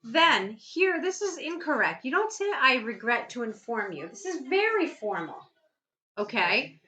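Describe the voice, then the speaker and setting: Bright-voiced woman tutoring English writing. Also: high-pitched, big pitch swings, measured pace, rough recording. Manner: patient, explains step by step, reads student text aloud. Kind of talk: essay correction lesson.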